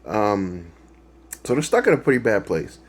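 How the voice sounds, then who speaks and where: Low husky-voiced man rambling casually. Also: sing-song, normal speed. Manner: rambling, full of fillers and restarts; self-deprecating, laughs at his own jokes. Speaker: reaction video host.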